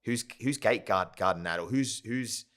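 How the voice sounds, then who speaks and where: This man's voice is lowish and a bit bright, moving at normal speed. As a founder guesting on a podcast, he recounts his company's story casually and rambles, tagging lines with "yeah?" and "right?".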